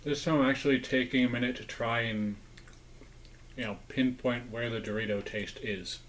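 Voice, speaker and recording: On poor-quality audio, a man with an ordinary medium-pitched voice reviews junk food for his viewers, talking at a moderate pace in a steady tone. He's chatty and rambling, correcting himself and sometimes talking with his mouth full.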